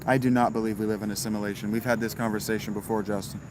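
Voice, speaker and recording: A man's voice: on the low side, level tone, very fast. Man, livestream host, laid-back chat with viewers, wry, swears now and then, noisy crickets behind.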